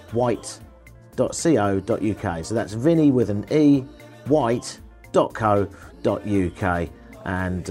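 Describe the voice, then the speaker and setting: A man's voice: mid-range voice, darkish tone. A man hosting a travel podcast while walking through an outdoor street market, chatting with wry, rambling asides. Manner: rambling, wry asides and quick self-corrections.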